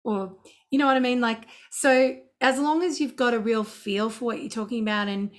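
A woman talks through her songwriting in a casual interview. She tells stories in an easy, chatty way and keeps things animated with quick asides. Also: on the high side. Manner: chatty, anecdotal, animated storytelling. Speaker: songwriter and singer.

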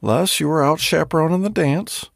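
A man's voice: a little high, moderate pace, vocal fry, dry recording, studio quality. A man co-hosting a podcast, joking and laughing in crude casual banter. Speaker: podcast co-host.

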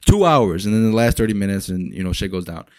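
Young man ranting casually, low voice, dry sound. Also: fast talker, no echo. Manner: rambling, profane, animated retellings. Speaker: podcast host. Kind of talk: casual solo podcast rant.

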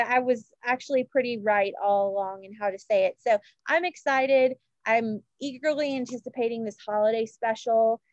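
A woman's voice: a little high, a little mellow, no room sound, dull audio. A woman co-hosting a podcast, chatting in a gushing way with lots of fillers and restarts. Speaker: podcast co-host. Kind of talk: casual chat about royal news.

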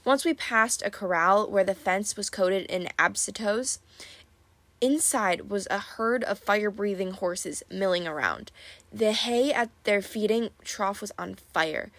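A woman reading a first-person audiobook with wry, lively storytelling. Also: medium pitch, measured pace, dry recording. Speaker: audiobook narrator.

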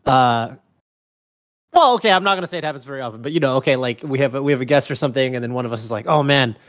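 A man's voice: medium pitch, very fast. A man co-hosting a gaming podcast in casual chat, rambling with many fillers and restarts. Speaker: podcast co-host.

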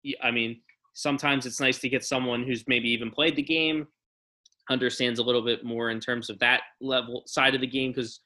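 A man's voice: mid-range voice, fairly even intonation, fairly quick, pushed and bright. A young man hosting a casual podcast, ranting in a blunt, profane way. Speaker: podcast host.

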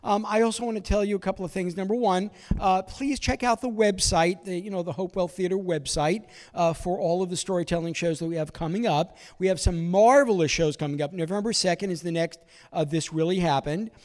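A comedian from Brooklyn, New York, hosting a storytelling show, with a conversational, filler-heavy delivery. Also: male voice, high voice, a little fast, hardly any pauses, a little mellow, long reverb tail. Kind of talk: live stand-up storytelling. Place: theater stage before a live audience.

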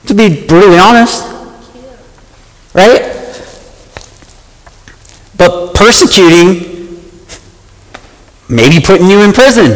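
A man preaching a sermon, passionate and animated, often asking his listeners questions. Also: sits high, long reverb tail, slight background noise, poor audio.

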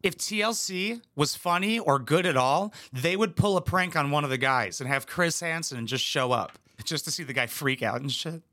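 A man's voice: a little high, normal speed, few pauses, sharp tone. A man doing crude, sarcastic reaction commentary as a comedy channel host, swearing and mocking freely. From United States. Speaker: commentary YouTuber.

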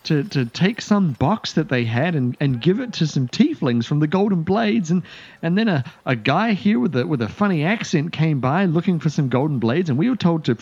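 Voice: mid-range voice, sing-song, normal speed, darkish tone, husky, dull audio, voice pushed up. A game master voicing a nervous, stammering male elf thug who failed as an actor. He repeats words in panic.

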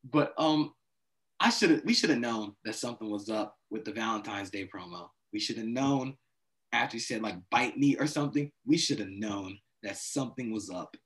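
A man's voice: on the low side, animated, normal speed, fairly bright tone. A man co-hosting a wrestling podcast, ranting in disbelief and acting out his own reactions. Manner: exasperated, acts out his reactions. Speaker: podcast co-host. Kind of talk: casual wrestling chat.

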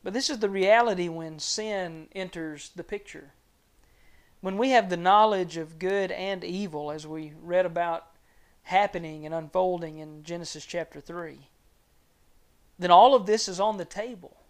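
A man preaching a sermon, reading and explaining scripture in a measured, earnest way that sinks to soft low tones on grave points. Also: clear, resonant tone.

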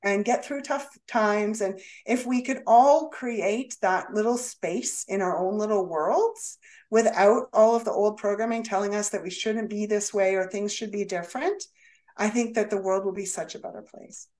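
A woman educator speaks as an interview guest in a medium-pitched, everyday voice. She sounds earnest and reflective, often stretching out her phrases as she thinks aloud. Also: moderate pace, a little mellow. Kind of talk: conversational interview.

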